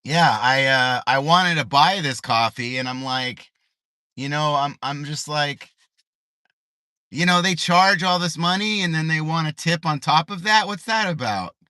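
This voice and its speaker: A man's voice: fairly high pitch, measured pace, pushed and bright, clean tone, no room sound. Brief: middle-aged man, ranting livestreamer, tense, dry car sound. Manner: ranting, repetitive rhetorical questions. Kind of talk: casual livestream rant. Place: parked car in a parking lot.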